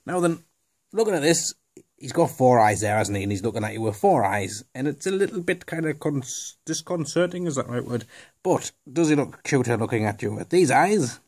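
A man chats his way through a toy unboxing in a loose, rambling way. His voice sits at an ordinary middle pitch, and he keeps tossing out jokey asides and fillers to the viewer. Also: lively intonation, brisk, a little mellow, breathy edge. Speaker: toy reviewer. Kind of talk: casual unboxing chat.

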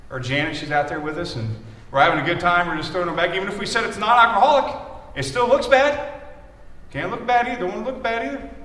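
A man's voice: fairly high pitch, bright, forceful tone. A Midwestern American man preaching a casual, chatty sermon to his congregation, telling stories and calling on people by name. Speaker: lay preacher. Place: church sanctuary. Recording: echoey church from a distance.

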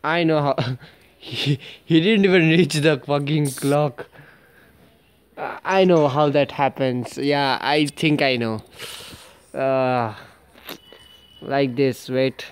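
A man's voice: on the high side, takes it slowly, long pauses, clear, resonant tone. A young man giving casual, profane gameplay commentary and talking to the characters on screen. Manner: swears a lot, talks to the game characters. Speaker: gaming channel host.

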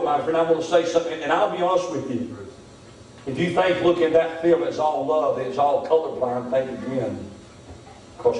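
A man's voice: a little high, darkish tone. A man preaching a revival sermon as pastor, repeating "my friend" often, recorded from a distance in a church. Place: church sanctuary. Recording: very echoey church hall, mic far off. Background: congregation amens.

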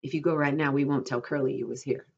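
Brief: woman reading an old ranch hand, quiet and plain, low voice, muffled sound. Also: steady tone, fast talker. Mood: worried. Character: old one-handed ranch swamper, man.

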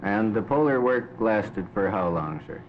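A man with a lowish voice asks courteous questions in a formal broadcast style. The recording is dull and lo-fi, from the 1950s. A faint hiss sits underneath. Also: expressive, measured pace. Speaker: interviewer.

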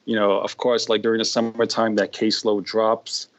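A man's voice: on the low side, flat delivery, normal speed. Middle-aged New York man, podcast guest, loose rambling talk full of "you know", slightly dull lo-fi sound. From New York, USA. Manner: rambling, many fillers and restarts. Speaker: guest occupational therapist. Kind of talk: casual interview chat.

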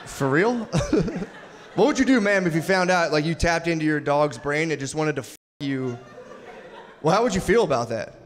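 A man's voice: fairly high pitch, lively intonation, moderate pace, long reverb tail. A man doing improvised stand-up, brashly teasing the crowd and swearing freely. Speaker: stand-up comedian. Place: comedy club stage.

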